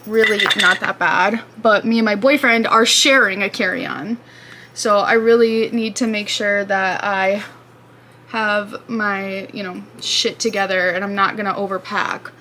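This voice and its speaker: A woman's voice: mid-range voice, bright, forceful tone, a little hiss or hum. A woman in her twenties chatting casually as she does her makeup at home, rambling and restarting her sentences. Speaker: beauty vlogger. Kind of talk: casual get-ready-with-me chat. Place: apartment room, indoors.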